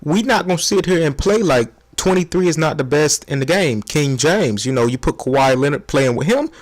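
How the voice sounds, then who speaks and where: A man's voice: fairly high pitch, expressive, normal speed. A man putting on a brash, slangy sports TV pundit who hypes up his favorite player, in a comedy spoof of a sports debate show.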